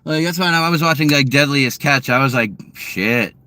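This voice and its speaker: A man's voice: fairly high pitch, brisk, bright, forceful tone, smooth, no echo. Crude, rambling guy. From Massachusetts. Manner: crude, rambling, laughing, swearing. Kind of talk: casual chat to viewers.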